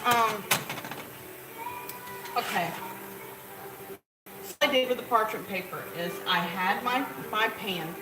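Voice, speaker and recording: A woman's voice: medium pitch, slow pace, pauses often, over music. A woman chatting casually to viewers as she cooks, rambling through her steps in a home kitchen. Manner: chatty, rambling, talks to viewers while cooking. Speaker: home cook showing a recipe. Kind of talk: casual cooking tutorial. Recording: echoey kitchen, off-mic, loud cooking noise.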